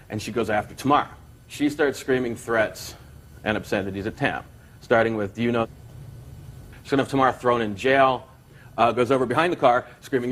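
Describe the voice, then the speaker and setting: A man's voice: medium pitch, moderate pace, fairly bright tone. A man testifying in a courtroom, telling a long story and acting out quotes. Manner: rambling storyteller, quoting with gusto. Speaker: plaintiff.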